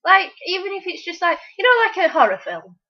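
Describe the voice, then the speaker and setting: A woman's voice: very high-pitched, big pitch swings, brisk. A teenage girl chatting casually and giving rambling, opinionated answers full of fillers. The recording is a dull, lo-fi home recording. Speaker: interviewee. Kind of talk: casual chat.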